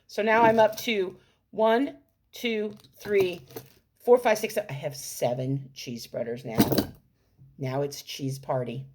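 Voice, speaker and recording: A middle-aged woman telling a story on her vlog in an animated, playful, enthusiastic way. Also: on the low side, a little hiss or hum. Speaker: vlogger.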